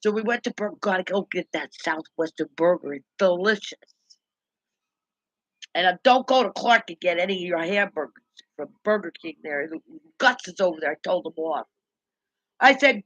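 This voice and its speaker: A woman's voice: medium pitch, normal speed, long pauses, a bit bright, slightly rough, no echo, rough recording. A woman hosting a casual live stream, rambling and ranting as she retells conversations and repeats herself. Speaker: livestream host.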